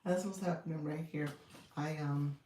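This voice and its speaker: Soft-spoken woman on an echoey livestream. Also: fairly even intonation, normal speed, slight background noise. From Florida. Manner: talks softly and low, near a whisper; chatty, greets viewers by name. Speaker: livestream host and coach. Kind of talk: casual livestream chat. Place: home room. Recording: echoey room, distant mic.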